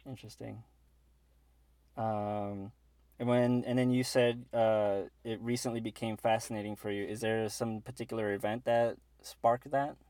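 A man's voice: fairly low pitch, little pitch movement, moderate pace, warm tone, no room sound. A man interviewing a guest, asking questions with some hesitation.

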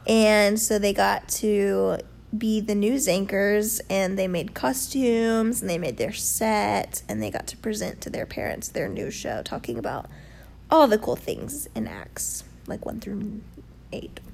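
A woman's voice: mid-range voice, animated, gravelly, darkish tone, slight background noise. A young woman chatting casually and playfully, joking and giggling as she recaps a church trip. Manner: playful, giggly, quick to joke. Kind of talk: casual chat.

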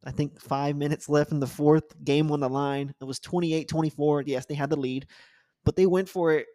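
Male podcast co-host, dry close sound, relaxed and profane. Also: fairly high pitch, normal speed, no room sound. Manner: laid-back, laughing, profane. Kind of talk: casual sports chat.

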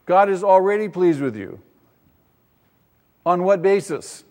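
A man's voice: high voice, expressive, measured pace, a little mellow, big-room sound. A man preaching a teaching sermon, asking the congregation questions and rising in emphasis. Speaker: pastor.

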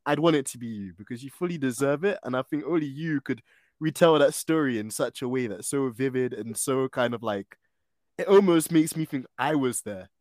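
A man's voice: medium pitch, fairly quick, no room sound. Effusive male podcast host, dry sound. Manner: effusive, drifts quiet at phrase ends. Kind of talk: casual interview chat.

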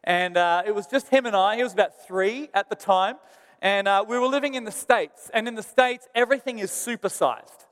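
A man's voice: sits high, moderate pace, fairly bright tone, smooth, long reverb tail. A man, a pastor telling a self-deprecating story in a sermon.

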